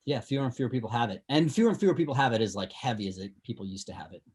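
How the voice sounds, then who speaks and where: Husky man with a light Boston accent. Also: medium pitch, animated, rapid-fire, darkish tone. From Massachusetts, inland of the South Shore. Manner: chatty, explains at length with many fillers and restarts. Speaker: podcast host, former tour guide. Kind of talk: casual chat.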